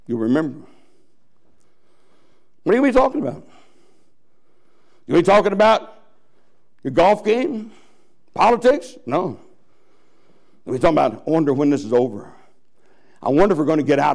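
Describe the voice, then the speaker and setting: A man preaching a dramatic sermon as pastor, swinging from loud high bursts to hushed drops. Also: very animated, normal speed, vocal fry, long pauses. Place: church.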